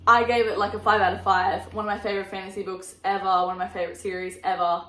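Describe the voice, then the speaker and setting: A young woman chats excitedly about books she loved, gushing and laughing as she goes. Her voice sits at a middle pitch for a woman. The room around her gives a clear echo. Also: fast talker. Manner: gushing, animated, laughs often. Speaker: book vlogger. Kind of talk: casual book review vlog. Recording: echoey room.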